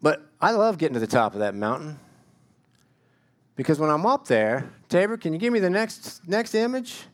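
A man's voice: on the high side, big pitch swings, moderate pace. A middle-aged man preaching a sermon in a conversational, self-deprecating way, building to emphatic bursts.

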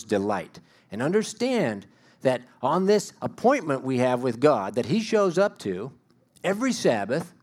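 A man's voice: fairly high pitch, a little mellow. A middle-aged man preaching a sermon in a conversational, self-deprecating way, building to emphatic bursts.

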